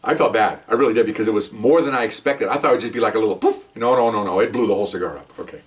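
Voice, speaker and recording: Casual storytelling comes from a retired policeman, an older man whose voice sits on the low side. He talks fast and lively, restarts sentences often, and keeps asking "okay?", all captured from a little way back from the microphone.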